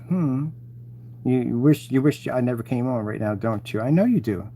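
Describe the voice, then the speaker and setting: A man's voice: mid-range voice, lively intonation, moderate pace, dark tone, slight background noise. A man hosting his channel, mocking and taunting his rivals in a rambling live-stream rant.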